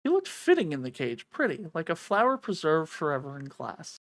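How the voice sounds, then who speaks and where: A woman reading a visual novel aloud, an expressive reader who breaks off to swear and joke, on a close mic. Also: low voice, fairly quick, no room sound. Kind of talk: reading a game's narration aloud with live reactions.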